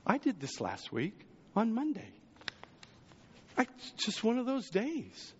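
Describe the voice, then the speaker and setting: A man preaching a sermon as pastor, chatty with the congregation, jumping to loud exclamations and dropping to hushed asides. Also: huge pitch swings, slow pace, in a large hall, dull audio, slight background noise. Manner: conversational preaching, swings between raised exclamations and hushed low asides.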